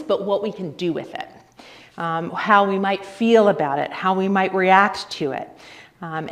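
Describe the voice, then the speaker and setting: A woman giving a conference lecture, explaining ideas in a lively, conversational way with frequent fillers and asides to the audience. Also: medium pitch. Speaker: conference speaker.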